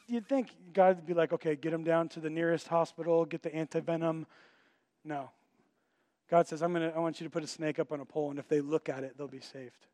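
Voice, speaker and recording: The recording has no room sound, and the pastor's pitch is fairly high. During his sermon he animatedly recounts a story, taking on the voices of the people involved.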